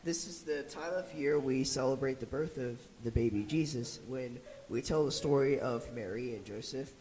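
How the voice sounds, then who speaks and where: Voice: medium pitch, normal speed, in a large hall, a little hiss or hum, lightly acted, rough recording. Someone playing a patient jungle narrator. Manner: patient, gently correcting. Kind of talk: church Christmas puppet skit. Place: church sanctuary.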